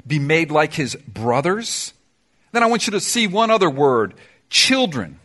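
A middle-aged man preaching a sermon in a church, emphatic, swinging between loud declarations and soft, confiding asides. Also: on the high side, very animated, unhurried. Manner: sings song lyrics in snatches. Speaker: pastor.

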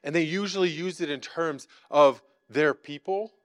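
Casual preaching man, higher voice. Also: moderate pace, dry recording. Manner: casual, conversational preaching with many fillers; acts out quoted lines from scripture. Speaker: pastor. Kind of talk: sermon.

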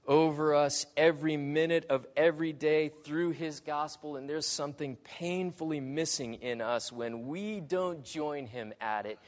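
A man preaching a sermon in slow, deliberate phrases that swell dramatically and then drop quiet. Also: a little high, in a large hall.

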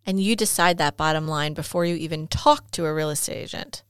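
Female co-host, low-ish, smooth, dry studio sound. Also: fairly quick, dry recording. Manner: brief, practical interjections. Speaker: radio co-host. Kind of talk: casual radio chat.

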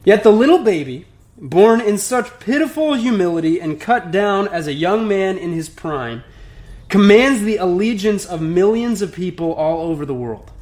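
A man's voice: high voice, expressive, normal speed, darkish tone. A man preaching an earnest sermon to a streamed congregation, mixing scripture reading with casual, conversational asides. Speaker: pastor.

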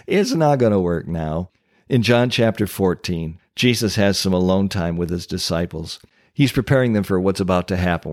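Low-voiced man preaching a sermon. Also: lively intonation, darkish tone, no echo, clean studio sound. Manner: emphatic preaching with dramatic pauses. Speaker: pastor.

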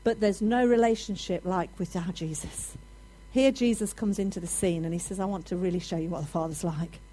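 A woman preaching a sermon to a congregation, animated and building to loud, emphatic declarations. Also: fairly low pitch, brisk, low-quality recording.

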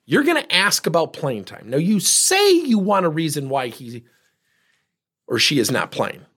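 Middle-aged male speaker, husky, lively pitch, acts out dialogue as he tells the story. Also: unhurried. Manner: animated, acts out both sides of conversations. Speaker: leadership speaker. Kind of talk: storytelling talk on coaching.

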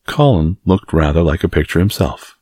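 A man narrating a classic children's novel as an audiobook, in a measured storytelling manner. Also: low voice, expressive, dark tone, husky, dry recording, studio quality. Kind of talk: scripted narration.

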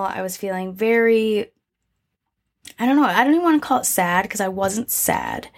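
A woman vlogger talking casually and reflectively about her feelings, with lots of fillers and restarts. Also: medium pitch. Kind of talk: casual personal talk to camera.

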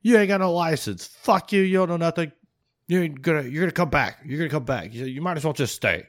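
A crude army sergeant major, put on by a man, barks insults in a raised, strained voice well above his normal pitch. The tone is loud and contemptuous, and the speech is thick with profanity. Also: expressive, fast talker, no room sound, studio quality, close to an everyday voice. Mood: mocking.

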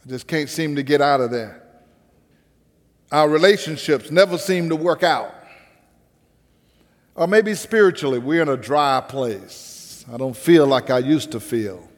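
A man preaching a sermon as pastor, with rising emphasis and pauses. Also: a little high, in a large hall.

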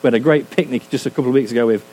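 A man's voice: mid-range voice, racing, mellow, poor audio. A man preaching a sermon in a humorous, conversational way, often asking his listeners questions. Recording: faint hum, sermon recorded for a podcast.

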